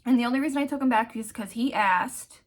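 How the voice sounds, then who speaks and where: A woman vlogger telling a personal story in a candid, heartfelt way, often pausing to search for words. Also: on the high side. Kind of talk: casual storytelling vlog.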